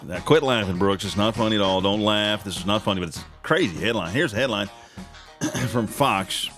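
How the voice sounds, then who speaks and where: A man hosting a morning talk radio show, blunt and animated, often laughing at his own remarks. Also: on the low side, a little fast, music in the background.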